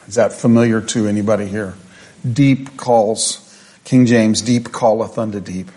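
A man teaching a Bible study at a middle pitch, his talk loose and conversational with fillers and restarts. When he reads scripture he slows right down and leans on each phrase with deliberate emphasis. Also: darkish tone.

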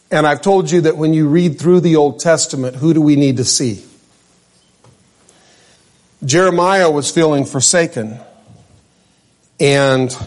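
Older male preacher, slightly high voice, conversational sermon delivery that speaks to the pews. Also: a little mellow. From Central California. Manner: conversational preaching, addresses listeners by name.

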